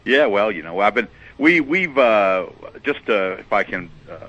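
A man's voice: fairly low pitch, expressive, measured pace, bright, forceful tone, dry recording. A man calling in to a radio show, rambling with many fillers and hesitations. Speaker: phone-in caller. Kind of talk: casual call-in chat. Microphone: telephone. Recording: muffled lo-fi phone line.

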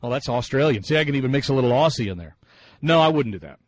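A man's voice: mid-range voice, lively intonation, quick pace, low-quality recording. A man hosting a sports talk radio show, musing in a chatty way with many fillers and restarts.

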